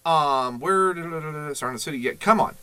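A man hosting a casual history podcast, animated and profane, slipping into silly voices for quotes. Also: on the high side, fast, clean tone. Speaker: podcast co-host.

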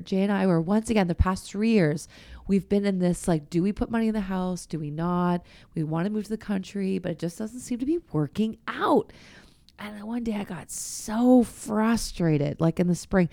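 A middle-aged woman talks candidly on a faith podcast in a chatty, open way. She sometimes drops to a hushed near-whisper. The sound is dry and close. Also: medium pitch, lively intonation, moderate pace, no room sound. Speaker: podcast host. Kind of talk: faith-based casual chat.

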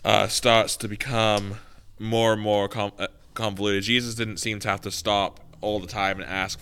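A man's voice: sits low, flat delivery, brisk, fairly bright tone, smooth. A man hosting a podcast who asks thoughtful, somewhat hesitant questions. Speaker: podcast host. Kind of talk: casual chat.

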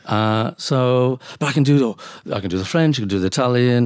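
A man's voice: medium pitch, brisk, darkish tone, clear, resonant tone, dry recording, clean studio sound. A middle-aged man from the UK, a doctor guesting on a podcast, telling jokey anecdotes in casual interview chat. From UK, born in South Wales, raised in Leeds. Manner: chatty and jokey, tells anecdotes.

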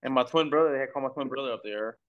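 Young male podcast guest from Texas; easygoing, rambling storyteller, clear resonant tone. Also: mid-range voice, racing, highs cut off. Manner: laid-back, rambling with fillers. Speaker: guest, pro baseball pitcher. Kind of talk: casual storytelling. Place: recording for a podcast.

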